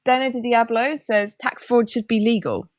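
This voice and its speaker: A woman's voice: fairly high pitch, steady tone, moderate pace, dry recording. Woman, podcast host, chatty, laughs a lot, dry close sound, video call. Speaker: podcast host reading listener comments. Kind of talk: casual chat.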